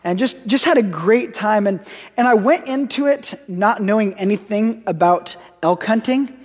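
American pastor preaching in a reverberant hall. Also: male voice, high-pitched, normal speed, slightly rough. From United States. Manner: storytelling, with frequent repeated words and restarts. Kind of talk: sermon.

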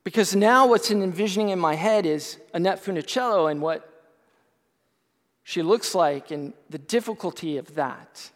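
A male pastor telling a personal testimony in a sermon, earnest and storytelling, rising at times to loud impassioned outbursts. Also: high-pitched, moderate pace. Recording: long hall reverb.

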